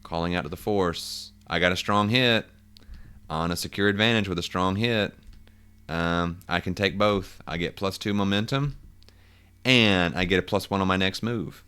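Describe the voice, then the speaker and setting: A man with a very low voice talks through his solo tabletop game. He muses aloud, stopping to rethink and correct himself as he checks rules and rolls. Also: normal speed, bright, forceful tone, clean tone. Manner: thinking aloud, musing and self-correcting.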